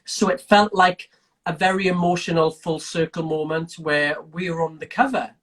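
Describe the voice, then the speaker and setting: A man's voice: on the high side, fairly even intonation, moderate pace, a bit bright. A middle-aged man co-hosting a live video chat, teasing and emotional as he asks questions. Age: older than the guest, middle-aged. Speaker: co-host asking questions. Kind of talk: casual chat on a live stream. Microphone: phone on a video call.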